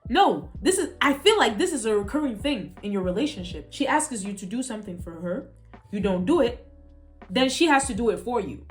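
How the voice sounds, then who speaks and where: A woman's voice: on the high side, sing-song, fairly quick, soft background music. A young woman giving exasperated, ranting reaction commentary. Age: young adult. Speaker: reaction video host.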